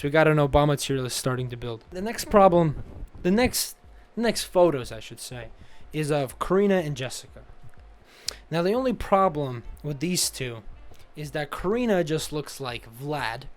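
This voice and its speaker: Teasing young man ranking photos. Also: fairly high pitch. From United States. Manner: teasing, chatty, full of "you know"s. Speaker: comedic tier list host. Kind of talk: casual comedic commentary.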